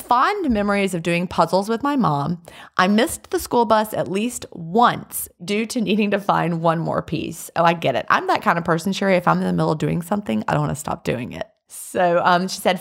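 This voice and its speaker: A woman's voice: on the low side, normal speed, gravelly. A woman co-hosting a podcast, chatting casually and reading listener letters aloud. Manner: laughs often, chatty and animated. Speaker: podcast co-host.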